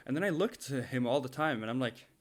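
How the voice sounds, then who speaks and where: A man's voice: mid-range voice, fast. Laughing young man telling a story. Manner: animated, laughing often, many restarts. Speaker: podcast co-host. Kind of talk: casual storytelling chat.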